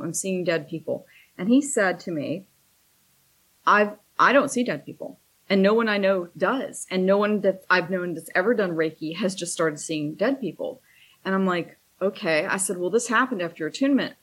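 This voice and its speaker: A woman speaking in a slightly low voice, chatty and wry as she tells a long personal story. She slips into the voices of the people she quotes. She teaches Reiki and talks like she's among friends. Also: breathy edge. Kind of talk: casual storytelling interview.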